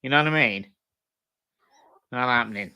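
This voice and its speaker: A man's voice: medium pitch, moderate pace, bright, forceful tone, clear, resonant tone. A man hosting a casual live stream, reading comments aloud and trading sweary banter with viewers. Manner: sweary, blokey banter, laughs often. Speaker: livestream host. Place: at home with dogs.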